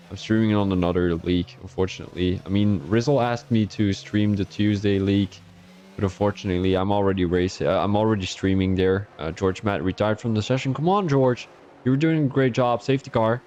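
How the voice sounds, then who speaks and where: A man's voice: fairly low pitch, darkish tone, muffled recording, a little hiss or hum. A young man from Belgium, giving chatty live-stream commentary on an online racing league and talking to his chat between calls.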